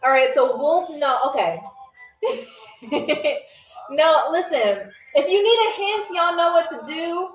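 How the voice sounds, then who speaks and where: A woman's voice: sits high, lively intonation, normal speed, hardly any pauses. A woman hosting a live-streamed game show, joking and reading viewer comments, often tagging lines with "okay?" and "all right". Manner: playful, jokey, reads viewer comments aloud. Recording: roomy echo, faint music.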